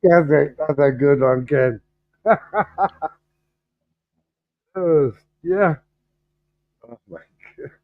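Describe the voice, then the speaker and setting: A man hosting a livestream in casual chat, halting and distracted, restarting his sentences as he fiddles with the stream settings. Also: on the high side, no echo. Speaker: livestream host. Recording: thin phone-like video-call audio.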